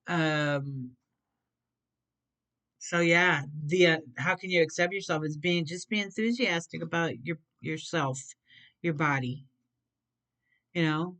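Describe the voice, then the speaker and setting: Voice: medium pitch, slow, long pauses, sharp tone. A tarot reader giving a casual reading, rambling, repeating words and tripping over some.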